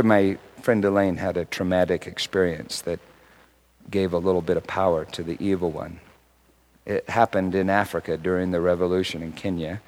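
Man preaching, hushed then forceful. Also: low voice, poor audio. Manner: swings from hushed to loud emphatic. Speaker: pastor. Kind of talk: sermon with personal story.

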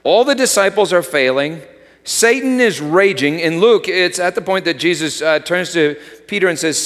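A man's voice: high-pitched, lively intonation, normal speed. Man preaching in an echoing hall. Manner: dramatic, swings from loud to hushed. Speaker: pastor. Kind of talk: sermon. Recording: long hall reverb.

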